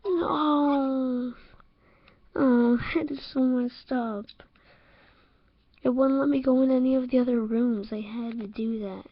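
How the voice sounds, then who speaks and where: A young woman giving excitable, jumpy commentary over a horror game, laughing at her own scares. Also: fairly high pitch, moderate pace, no echo, highs cut off. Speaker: let's-play gamer.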